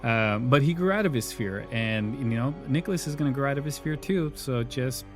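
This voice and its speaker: A man hosting a podcast at home, chatting in a relaxed way about an old sitcom episode. He slips into short, playful character quotes and breaks into laughter often, and faint music plays behind him. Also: mid-range voice. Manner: retells scenes with quick acted quotes, laughs often. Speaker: podcast host. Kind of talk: casual recap chat.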